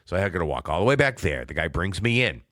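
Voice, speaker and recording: A man's voice: low-pitched, very animated, fast talker, a bit bright, no echo, clean studio sound. A middle-aged man co-hosting a podcast, telling a long, rambling anecdote in casual chat. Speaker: podcast co-host.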